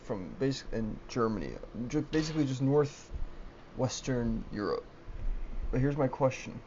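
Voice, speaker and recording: A man's voice: medium pitch, lively intonation, measured pace, darkish tone, dull audio, a little hiss or hum. A young man ranting alone to a webcam, agitated, swearing often and stumbling over his words. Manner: agitated, swearing, restarts and stammers. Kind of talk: rambling solo rant to camera. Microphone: laptop webcam mic.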